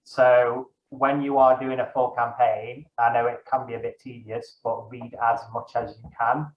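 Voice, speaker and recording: A man's voice: medium pitch, flat delivery, a little slow, slight background noise. Man chatting in an echoey room. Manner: rambling, self-correcting, many fillers. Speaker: guest, dungeon master. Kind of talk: casual interview chat. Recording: echoey, dull lo-fi room sound.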